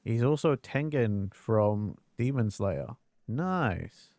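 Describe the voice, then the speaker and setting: A man's voice: fairly low pitch, expressive, takes it slowly, a little mellow, dry recording, clean studio sound. A man streaming a game and chatting casually with viewers, talking candidly, swearing freely and laughing at himself. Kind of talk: casual live-stream chat over gameplay.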